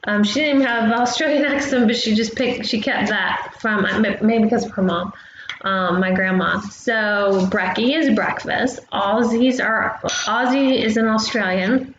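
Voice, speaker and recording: A chatty woman explains things simply to young children, pausing often as she goes. She is recorded on a laptop microphone in a room at home. The sound is dull and roomy, with steady noise behind her. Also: a little high. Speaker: travel agent host. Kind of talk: casual lesson for young children.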